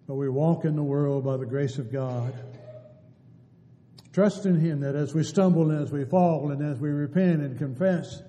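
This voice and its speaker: A man's voice: fairly high pitch, moderate pace, mellow, highs cut off. A man preaching a sermon in an earnest, pleading way, asking many rhetorical questions. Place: church sanctuary. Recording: church hall with long reverb.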